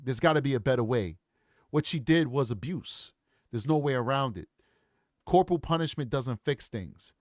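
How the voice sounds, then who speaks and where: A man's voice: medium pitch, lively intonation, moderate pace, no echo, studio quality. A man in his forties giving casual, earnest commentary, lecturing and often repeating his points. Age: 40s. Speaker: true crime commentator.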